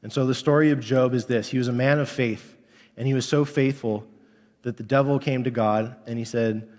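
A man in his thirties preaching in a church, at a moderate, ordinary pitch. He talks in a candid, conversational way. A long reverb hangs on his words in the sanctuary. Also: steady tone, moderate pace, a little mellow. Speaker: pastor. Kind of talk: sermon.

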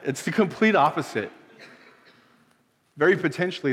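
A pastor giving a casual, emotional sermon, telling the story loosely and dropping soft when moved. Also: male voice, medium pitch, moderate pace. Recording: long hall reverb.

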